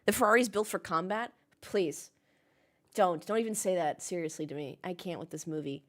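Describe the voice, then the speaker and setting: At home in Melbourne, a young woman with a lowish voice livestreams at a moderate pace while watching a race with chat. She chats casually, reads out comments, and rants with the odd swear word.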